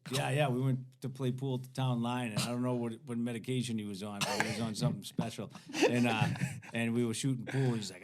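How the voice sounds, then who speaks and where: Middle aged guy telling wild stories on a podcast, laughs a lot, mid pitch. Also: brisk, heavy background noise. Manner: animated, laughing storyteller doing voices of others. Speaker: guest. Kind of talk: casual storytelling. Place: podcast studio.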